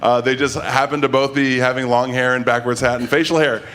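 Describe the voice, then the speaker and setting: A man's voice: mid-range voice, flat delivery, a little fast, fairly bright tone. A man hosting a live comedy show, joking and introducing the next comedian. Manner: joking, hypes the next act. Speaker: emcee.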